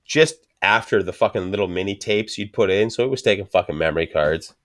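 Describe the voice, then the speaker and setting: A man's voice: on the low side, brisk. A man in his thirties casually telling a story as a podcast guest, swearing constantly and acting out the other people's voices. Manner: profane, animated storyteller.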